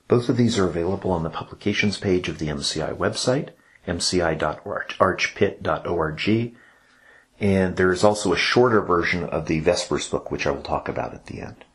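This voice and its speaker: A man's voice: low-pitched, moderate pace, a bit bright. A man explaining, step by step, how cantors lead a church service, in a patient instructional podcast. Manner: patient explaining, breaks into chanted examples.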